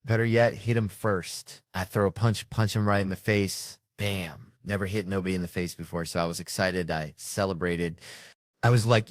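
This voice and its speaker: A man's voice: deep voice, moderate pace, no echo, clean studio sound. A man doing stand-up, telling a profane story and acting out the people in it. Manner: animated, profane, acts out characters. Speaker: stand-up comedian.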